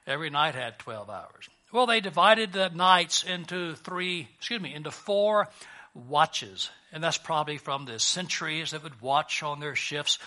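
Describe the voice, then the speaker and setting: Pastor, male; high, forceful voice; casual joking sermon delivery. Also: lively intonation, unhurried. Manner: conversational and lightly joking, with frequent restarts.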